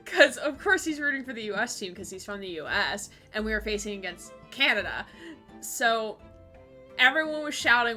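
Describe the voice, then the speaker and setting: Her voice sits fairly high, pushed and bright, with lively intonation, and faint music plays behind her. She's a Twitch streamer gaming live with a voice partner, chatting casually and laughing often, full of giggles and quick asides to chat.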